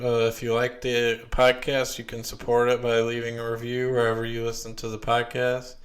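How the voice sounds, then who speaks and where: A man's voice: mid-range voice, monotone, moderate pace, few pauses. A man hosting a podcast in casual chat, hesitant and full of ums and uhs. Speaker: podcast host.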